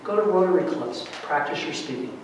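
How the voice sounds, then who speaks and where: A middle-aged man giving a lively workshop lecture to faculty, varying his loudness for emphasis, with many fillers. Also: fairly high pitch, a little fast, highs cut off, slight background noise. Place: large lecture room. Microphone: distant room mic. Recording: very echoey hall from far off.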